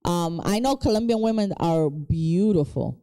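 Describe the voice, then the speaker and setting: Lively woman, teasing podcast banter. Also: fairly low pitch, moderate pace. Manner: playful, teasing, laughs often, animated. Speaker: podcast co-host. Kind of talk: casual chat.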